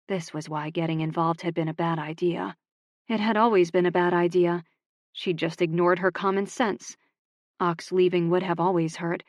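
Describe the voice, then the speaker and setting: A woman with a lowish voice narrating a romance audiobook in a steady, measured way. The recording is close and dry, with no echo at all.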